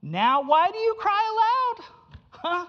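A man voicing a mocking ancient male prophet who taunts his listeners sarcastically, in a raised, higher voice. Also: very animated, slow, highs cut off, full character voice.

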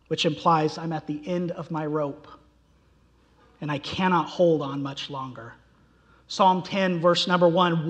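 Slow, high-voiced preacher in a reverberant hall. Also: male voice, fairly bright tone. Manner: impassioned, rises sharply when voicing quoted cries. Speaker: pastor. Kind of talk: sermon. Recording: long reverb of a large hall.

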